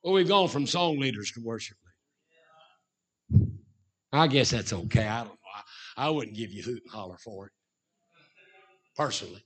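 A middle-aged man preaching a sermon as a Baptist preacher, swinging from shouted emphasis to low asides. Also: expressive, normal speed, pauses often, husky.

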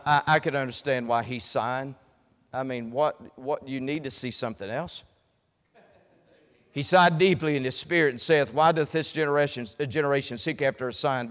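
A man preaching a sermon with folksy humor, swinging from quiet asides to loud, shouted emphasis. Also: on the high side, long reverb tail.

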